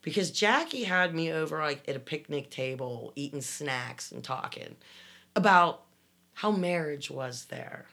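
A woman's voice: low voice, expressive, unhurried, vocal fry, pushed and bright. A woman, casually recounting her time in a commune, rambling with restarts. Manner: rambling, many restarts, laughs while telling. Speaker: guest recounting life in a commune. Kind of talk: casual conversational storytelling.

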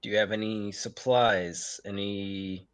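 A man's voice: on the low side, steady tone, takes it slowly, clear, resonant tone. A man playing a tabletop game, earnestly asking probing questions. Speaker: player. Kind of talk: casual tabletop role-play.

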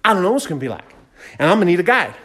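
A man hosting a podcast, fast-talking and fired up, giving a motivational monologue and repeating phrases for emphasis. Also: high-pitched, very animated, a bit bright. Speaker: podcast host.

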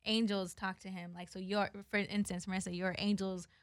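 A woman's voice: medium pitch, level tone, fairly quick, no room sound, clean studio sound. A woman co-hosting a podcast in easygoing casual chat, filling in with "like". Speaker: podcast co-host.

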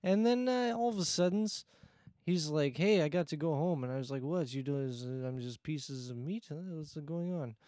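A man's voice: a little high, expressive, a little fast, darkish tone, no room sound, studio quality, lightly acted. A man voicing a crude, boastful foreign character in broken English with a put-on Russian-style accent, as an improvised comedy bit.

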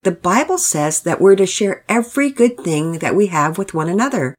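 A woman's voice: on the low side, expressive, normal speed. A woman doing a patient, firm storybook father.

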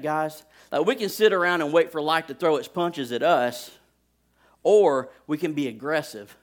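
Animated preacher telling a story. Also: male voice, on the high side. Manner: animated storytelling with sound effects; folksy, addresses the congregation directly. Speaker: pastor. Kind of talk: sermon with a personal story.

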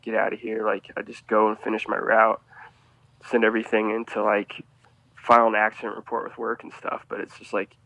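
A man telling a rambling, animated story as a guest on a casual podcast, often restarting his sentences. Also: on the low side, fairly quick, no echo, poor audio.

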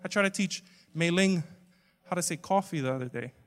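A man preaching a humorous sermon to a congregation, animated and swinging between loud exclamations and quiet asides. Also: high-pitched, brisk. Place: church sanctuary with a live congregation. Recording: long hall reverb from a church sanctuary.

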